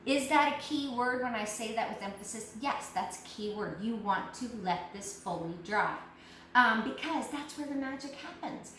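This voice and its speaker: A woman runs a lively cleaning demo at her kitchen sink, leaning on key words and asking her listeners questions directly. She sounds set back from the mic, her voice bouncing around a very echoey room over a faint hiss. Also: on the high side, moderate pace, recorded from a distance. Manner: animated, emphatic, addresses audience directly. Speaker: product demonstrator. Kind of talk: live cleaning product demo.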